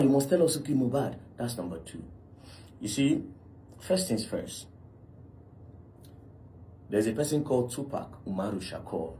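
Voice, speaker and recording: A man with a Nigerian accent giving casual commentary, animated and addressing viewers as bro, slipping into Pidgin. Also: medium pitch.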